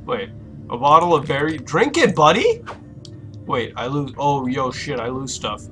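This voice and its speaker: A young man commentating a horror game let's play, swearing a lot and reacting loudly with jumpy outbursts. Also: mid-range voice, normal speed, faint music behind. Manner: loud, profane, jumpy reactions. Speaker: gaming YouTuber.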